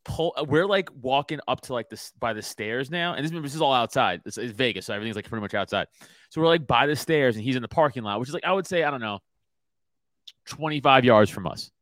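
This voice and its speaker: A man hosting a podcast, telling a story in casual chat, animated, swearing and laughing often. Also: mid-range voice, fast, no echo. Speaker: podcast host.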